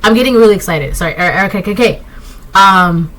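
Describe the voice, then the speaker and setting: A woman giving a casual collective tarot reading, rambling and excitable, often tagging her points with "right?". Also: medium pitch, quick pace, low-quality recording. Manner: keeps asking "right?". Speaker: tarot reader.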